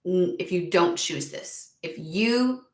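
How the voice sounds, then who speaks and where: Slow and on the low side with lively intonation, a woman reads tarot casually in a reverberant space. Her delivery is a blunt, exasperated rant packed with swearing.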